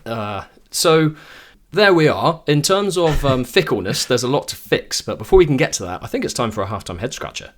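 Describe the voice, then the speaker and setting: A man's voice: medium pitch, very animated, brisk, few pauses. A man hosting a podcast in casual chat, teasing his co-hosts and laughing often. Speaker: podcast host.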